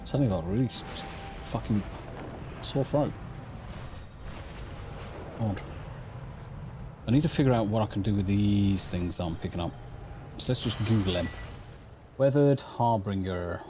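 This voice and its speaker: A man's voice: lowish voice, measured pace, long pauses, background noise. Rambling, sweary English man streaming. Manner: rambling, sweary, self-deprecating banter. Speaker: game streamer. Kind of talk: casual live-stream chat. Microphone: studio mic through a mixing console.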